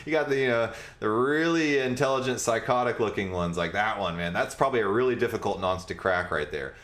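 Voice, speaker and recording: A man's voice: lowish voice, lively intonation, a little fast, few pauses, fairly bright tone, reverberant. A man hosting a casual livestream, explaining a technical topic in a rambling way with many fillers and side jokes. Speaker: podcast host.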